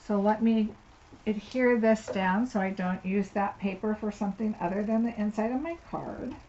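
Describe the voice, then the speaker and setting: A woman chats and thinks aloud at her desk while leading a live card-making tutorial. She has a medium-pitched voice and a moderate pace, and the audio is slightly dull with faint noise.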